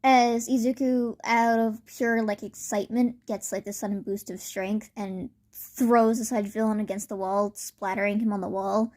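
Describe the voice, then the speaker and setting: A young woman telling a made-up fan story out loud in a casual, rambling way, full of fillers. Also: medium pitch, fairly even intonation, moderate pace, few pauses.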